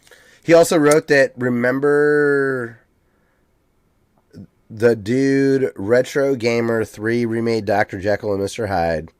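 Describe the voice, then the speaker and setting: A man's voice: mid-range voice, slow, smooth, dry recording, studio quality. An American man co-hosting a podcast, chatting casually and rambling with lots of ums. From United States. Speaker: podcast co-host. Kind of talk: casual chat.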